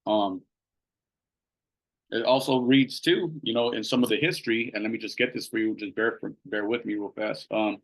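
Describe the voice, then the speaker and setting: A man leads a casual Bible study, reading passages aloud and checking in with "right?" amid plenty of fillers. His voice is lowish and steady, his pace moderate, and the recording low in quality.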